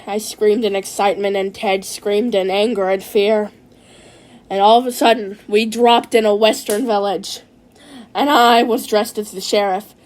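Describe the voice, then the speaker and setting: Excitable woman telling a silly story. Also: medium pitch. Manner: excitable, restarts and repeats words. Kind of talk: rambling comic storytelling.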